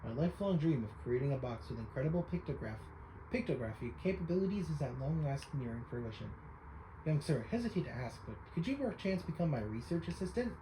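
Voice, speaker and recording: A man's voice: on the high side, lively intonation, quick pace, reverberant, noisy background, close to an everyday voice. A man voicing an eccentric old male pictograph enthusiast, reading game dialogue aloud in old-fashioned formal speech and calling the listener young sir. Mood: earnest.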